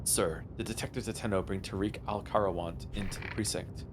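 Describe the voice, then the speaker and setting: A man's voice: low voice, steady tone, a little fast, noisy background. A man voicing a hot-headed young detective who talks in an agitated, exclaiming way. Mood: serious. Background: game music.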